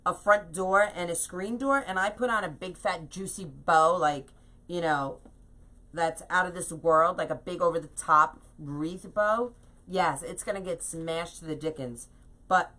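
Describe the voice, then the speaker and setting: A talkative woman hosts a live craft tutorial from her home workspace. Her voice sits a touch low but rings bright and forceful. She chats freely with viewers, laughs at herself and keeps up a lively, animated patter. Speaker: craft host teaching wreath making.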